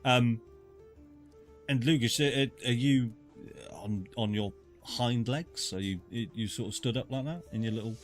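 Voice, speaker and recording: A man's voice: medium pitch, measured pace, faint music behind. A man narrating a tabletop game as dungeon master, loose and rambling.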